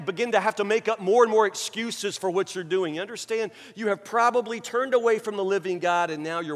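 A man preaching a sermon, dramatic, acting out people's excuses in mocking voices and dropping from loud to hushed. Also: sits high. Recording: long hall reverb.

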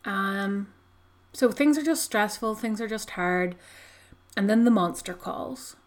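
A woman's voice: medium pitch, lively intonation, takes it slowly. Woman host, casual chat recapping a novel, chatty, filler-heavy. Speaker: podcast host discussing a book.

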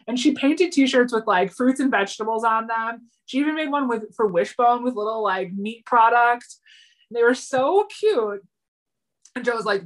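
A woman co-hosting a podcast, retelling a TV episode in an animated, chatty way and slipping into the characters' lines. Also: a little high, moderate pace. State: yawning, a little tired. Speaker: podcast co-host. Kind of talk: casual chat recapping a TV episode.

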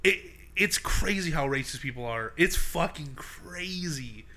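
A man's voice: on the high side, expressive, a little slow, sharp tone. A young man in casual, profane podcast chat, rambling and laughing often.

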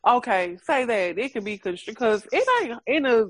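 A woman's voice: a little high, expressive, moderate pace, no echo. A woman co-hosting a casual chat, speaking frankly, swearing freely and laughing often.

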